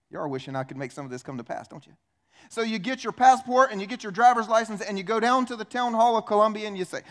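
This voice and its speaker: A man preaching a sermon as pastor, animated, acting out little dialogues in changing voices. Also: high-pitched. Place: church.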